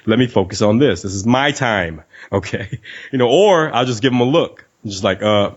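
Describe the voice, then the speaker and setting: A man's voice: fairly low pitch, moderate pace. A man hosting a casual podcast chat, telling stories animatedly, acting out quoted lines, laughing and swearing casually. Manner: animated storyteller who acts out quoted lines. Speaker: podcast host. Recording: dull lo-fi podcast audio.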